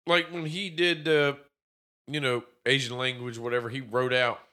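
A man in casual chat, mocking a movie with lots of swearing and animated retellings. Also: medium pitch, moderate pace.

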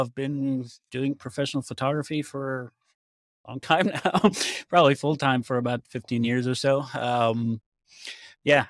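A man, a photographer and writer, talking as a podcast guest in a measured way with pauses. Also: mid-range voice, no room sound, studio quality. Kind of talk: casual interview talk.

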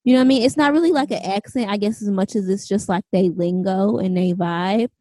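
A woman's voice: medium pitch, a little fast, warm tone, no room sound. A young woman co-hosting a podcast in casual chat, loose and talkative, full of "like" and "um". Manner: loose and chatty, lots of "like" and "um". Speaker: podcast co-host.

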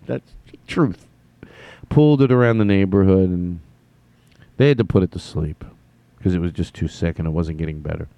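A man hosting his own podcast, telling a rambling, self-deprecating comic story with halting restarts. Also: deep voice, gravelly, dark tone, no room sound. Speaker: podcast host.

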